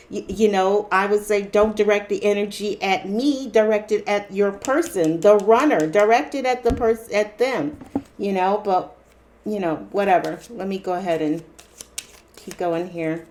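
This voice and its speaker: A woman reads tarot cards aloud for her viewers in a loose, chatty way, speaking straight to them. She keeps repeating herself and breaking in with small exclamations and fillers. Her voice sits at a middle pitch. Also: unhurried, darkish tone, slight background noise. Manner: chatty, repetitive, exclaiming "wow" and "interesting"; addresses viewers directly with fillers. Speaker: tarot reader. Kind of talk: casual tarot reading for viewers.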